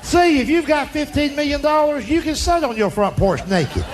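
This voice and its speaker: A man's voice: very high-pitched, lively intonation, normal speed, a crowd in the background, background noise. A man, an older stand-up comedian telling folksy stories on stage and acting out relatives in drawling voices. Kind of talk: storytelling stand-up. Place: comedy stage before a laughing audience.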